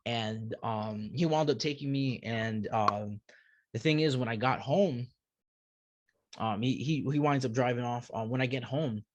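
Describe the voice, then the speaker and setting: A man speaks as a podcast guest recounting his own story, starting and restarting phrases and repeating words before he finds the next thought. His voice sits at an ordinary middle pitch, and the sound is close and dry, with no room around it. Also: no room sound. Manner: halting, repeats words while searching for them. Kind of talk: personal storytelling.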